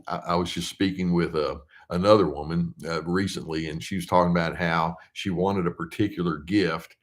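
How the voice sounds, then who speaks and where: An older man with a lowish voice talks through viewer questions as a therapist. His delivery is conversational and easygoing, full of ums, uhs and restarted phrases, and he slows right down when he reads a question aloud. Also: steady tone. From United States. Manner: conversational, with frequent fillers and restarts. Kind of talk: casual explanatory talk.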